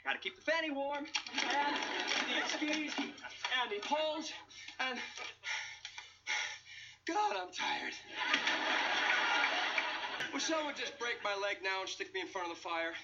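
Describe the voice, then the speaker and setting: A man's voice: very high voice, expressive, slow pace, long pauses, exaggerated voice. An actor playing a cocky young man who jokes and boasts on a ski trip, in a sitcom clip. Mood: joking. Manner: boastful, joking, upbeat. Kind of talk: sitcom acting. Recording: muffled TV clip with loud noise.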